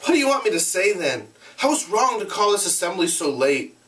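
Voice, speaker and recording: A man's voice: high-pitched, sing-song, a little fast, fairly bright tone, distant mic, pitched above the performer's own voice. A man reading aloud, voicing an earnest boy leader who worries and tries to keep order. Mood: earnest, urgent. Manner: earnest and urgent.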